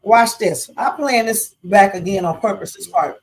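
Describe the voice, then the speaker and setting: A woman's voice: medium pitch, moderate pace, breathy edge. A woman hosting a live reaction stream, chatting bluntly and addressing her viewers directly. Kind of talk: casual reaction commentary.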